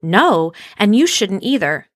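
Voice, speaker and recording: A large, bearded woodcarver who speaks slowly and softly to reassure , voiced by a woman reading a storybook. His words are patient and kind. The sound is dry and close. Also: medium pitch, sing-song, dry recording. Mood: reassuring. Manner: gentle, slow and reassuring.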